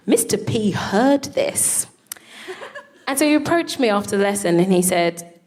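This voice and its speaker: A woman on stage tells comic anecdotes in a mid-pitched voice. Her delivery is animated, and she swears and laughs freely. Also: normal speed. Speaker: co-host. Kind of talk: comic storytelling before a live audience. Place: live stage.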